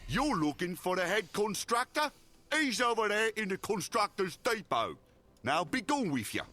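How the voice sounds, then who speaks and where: A man's voice: high voice, very animated, normal speed, bright, forceful tone, exaggerated voice. An actor voicing a grumpy, impatient male townsfolk character in a video game, talking brusquely.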